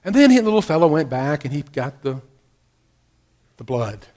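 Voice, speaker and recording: Preaching at a normal speed in a fairly high, very animated voice, a middle-aged pastor tells a personal story during his sermon. He shifts dramatically between loud outbursts and quiet, near-whispered stretches.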